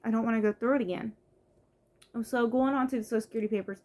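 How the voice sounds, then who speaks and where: A woman's voice: fairly high pitch, fairly even intonation, fast, darkish tone. A young woman from the United States venting in a casual vlog, frustrated, with many fillers and restarts. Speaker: vlogger. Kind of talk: casual vlog rant to camera.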